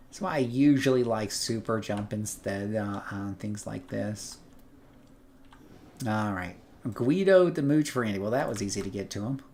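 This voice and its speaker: A man talks through his gameplay in a relaxed, chatty way, tossing out wry asides as things happen on screen. He speaks into a headset, with a faint background hiss. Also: mid-range voice. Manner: chatty, wry, exclaiming at the game. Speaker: gaming streamer. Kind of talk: casual gameplay commentary. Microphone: headset earpiece.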